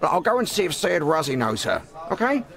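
A man's voice: on the high side, very animated, a little fast, a bit bright. A man voicing a talkative, suspicious hotel desk clerk in a dubbed drama. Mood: wary. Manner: chatty, incredulous.

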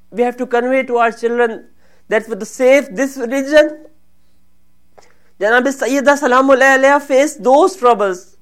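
High-voiced woman giving an earnest sermon. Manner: earnest, rises and grows emotional when voicing supplications. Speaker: religious speaker.

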